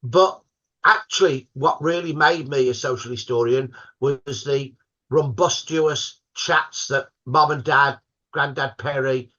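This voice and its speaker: A man's voice: medium pitch, slow, bright, forceful tone, lo-fi sound. An older man with a Birmingham accent, telling stories as a guest in a podcast interview, proud and fond of local dialect words. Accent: Birmingham (Brummie). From Birmingham, England. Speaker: guest historian.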